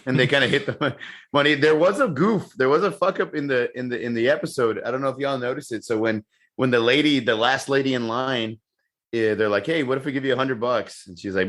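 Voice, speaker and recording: A man co-hosting a podcast, recapping a sitcom in casual chat, animated and laughing, with lots of swearing. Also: medium pitch, a little fast. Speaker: podcast co-host.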